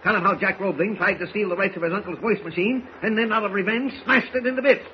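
A man voicing a blustering, hot-tempered newspaper editor who bellows and sputters in a high, strained voice. Classic 1940s radio acting. The recording is dull and muffled with a faint hiss. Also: quick pace, close to an everyday voice. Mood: furious. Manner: bellowing, sputtering, colorful exclamations.

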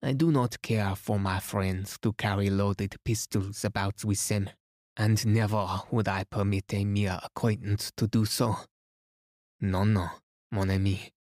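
A man's voice: lowish voice, little pitch movement, slow, a little mellow, no room sound, clean studio sound. A man voicing a fussy, self-assured older male detective who reproves mildly and sprinkles in French words. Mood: mildly reproving.

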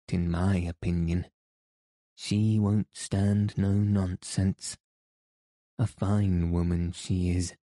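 A man's voice: low-pitched, mellow, no room sound. A man reading the part of a blunt, nagging woman housekeeper who scolds in an audiobook.

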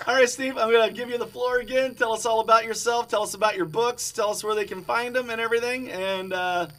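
A man with a high, bright voice hosts the chat with loose, profane banter. His voice sits away from the mic over faint room noise. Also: fairly even intonation, fast talker, distant mic. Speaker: podcast host.

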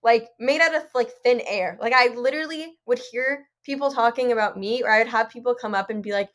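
A woman's voice: on the high side, fairly quick, hardly any pauses. A young adult woman, a podcast guest, talking in an earnest, rambling way with frequent "like" and "you know". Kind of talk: casual interview chat.

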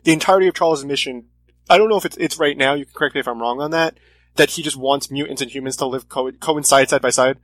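A man's voice: medium pitch, fast, a bit bright, no echo. A man in casual chat about comics, earnest and reflective in his views. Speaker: comic podcast co-host.

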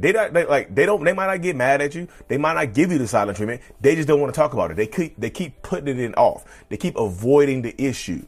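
Husky-voiced man hosting a podcast. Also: mid-range voice, sing-song, quick pace. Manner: emphatic and repetitive, addresses listeners as y'all. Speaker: podcast host. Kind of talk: casual podcast monologue.

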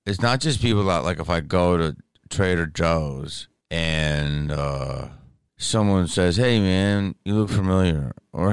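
A man hosting his podcast right after waking up, exhausted and drained, talking candidly in a rambling way with many restarts, his morning voice deep. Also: vocal fry, dry recording. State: tired, just woke up. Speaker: podcast host. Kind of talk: casual podcast monologue. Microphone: studio microphone.

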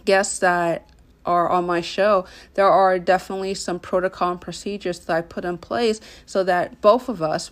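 A woman hosting a solo self-care podcast, talking earnestly and encouraging the listener directly. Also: on the low side. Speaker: podcast host and coach.

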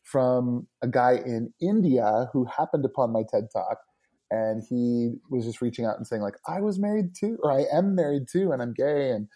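A man's voice: medium pitch, normal speed, warm tone, husky. A middle-aged man, a worship leader and podcast guest, talking earnestly and enthusiastically in casual interview chat.

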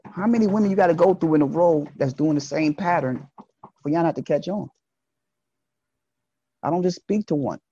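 A man delivering a casual, preachy monologue straight at his listeners, swinging between loud emphatic bursts and low asides. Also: no room sound, lo-fi sound. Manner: preachy, speaks to listeners directly.

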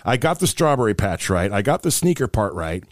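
A man's voice: lowish voice, very animated, fairly quick, dry recording, clean studio sound. A middle-aged man co-hosting a podcast, rambling and poking fun at himself as he tells dad jokes. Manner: rambling, self-mocking joke teller. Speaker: podcast co-host. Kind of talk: casual podcast chat, telling dad jokes.

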